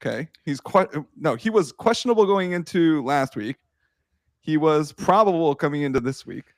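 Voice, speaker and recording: A young man hosting a casual sports podcast, excitable and quick to swear and laugh. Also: a little high, no echo, studio quality. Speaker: podcast host.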